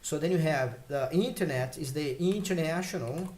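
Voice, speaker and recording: A man teaching English vocabulary in a relaxed, explanatory way, pausing with fillers and checking in with "okay?" and "right?". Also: on the high side, a little hiss or hum. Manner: explains slowly with many fillers and check questions. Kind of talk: casual spoken lesson.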